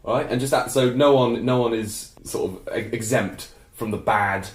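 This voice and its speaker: A man co-hosting a podcast, chatting casually, laughing often and throwing in quick asides. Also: medium pitch, echoey room. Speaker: podcast co-host. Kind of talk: casual chat.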